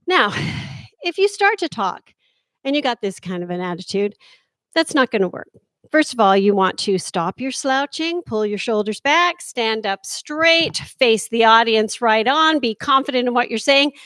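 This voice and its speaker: A woman with a fairly high voice gives energetic, hands-on performance tips. She demonstrates each point as she goes, and the sound is close and dry with no room echo. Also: unhurried. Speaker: workshop presenter.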